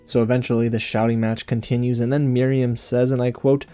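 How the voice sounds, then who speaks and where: Male recap host, mellow dark tone, chatty and gossipy, quick to laugh. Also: medium pitch, soft background music. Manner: animated, gossipy, laughs often. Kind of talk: casual review monologue.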